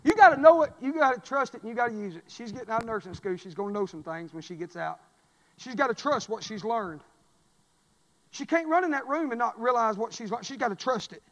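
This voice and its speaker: A man preaching a folksy sermon, telling stories and rising into shouts. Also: sits high, animated, a little fast. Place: church sanctuary. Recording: long reverb of a church hall.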